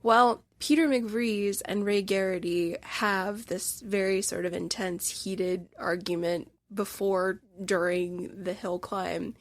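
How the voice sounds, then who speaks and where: A woman's voice: mid-range voice, fairly even intonation, takes it slowly, hardly any pauses, dry recording. A woman hosting a solo podcast, talking through a film review in an emotional, gushing and candid way. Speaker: instructor.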